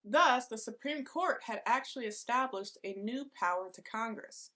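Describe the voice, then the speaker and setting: A woman delivering a satirical history explainer with sarcastic, deadpan asides. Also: fairly high pitch, moderate pace.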